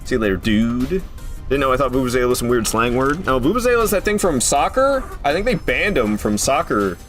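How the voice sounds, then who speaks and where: A man's voice: medium pitch, expressive, brisk, a bit bright, soft background music. A man streaming a video game, chatting casually and drifting into profane rants between fights. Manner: rambling, swears freely, goes off on rants. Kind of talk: casual gameplay commentary.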